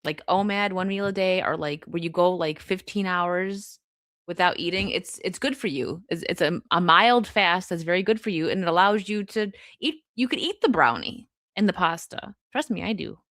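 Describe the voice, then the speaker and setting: A young woman hosting a live stream, reading chat and chatting casually, laughing often with quick asides. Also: lowish voice, animated, fairly bright tone, no echo, studio quality.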